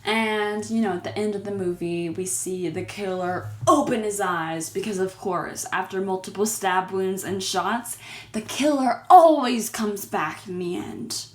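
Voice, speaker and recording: A woman's voice: mid-range voice, a little slow, echoey room. A woman casually recapping a horror movie, with exasperated, sarcastic commentary on the characters.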